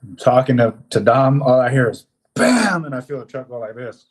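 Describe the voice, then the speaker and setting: A man's voice: mid-range voice, moderate pace, husky. A young man on a podcast, casually telling a work story with heavy swearing and laughter. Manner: animated, swears a lot, laughs through the story. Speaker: podcast co-host.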